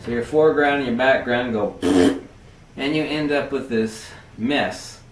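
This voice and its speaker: A man's voice: mid-range voice, unhurried, a little hiss or hum. Ranting man with a roomy, distant sound. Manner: animated, emphatic, sardonic ranting. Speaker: photography vlogger. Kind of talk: ranting camera-gear vlog. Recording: roomy echo, mic at a distance.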